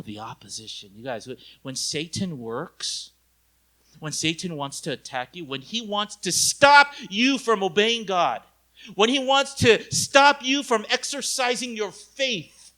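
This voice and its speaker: High, bright-voiced animated young pastor. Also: male voice, slow pace. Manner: animated, acts out quoted voices with big swings in loudness; conversational, asks the audience direct questions. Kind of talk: lively youth retreat sermon.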